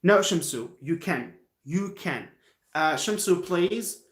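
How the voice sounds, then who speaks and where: A man with an Algerian accent teaches English on a live stream from home, encouraging his viewers and circling back over the same points. His voice sits a little high for a man. The room around him is echoey. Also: lively intonation, slow pace. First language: Algerian Arabic. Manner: encouraging, repeats himself, answers chat.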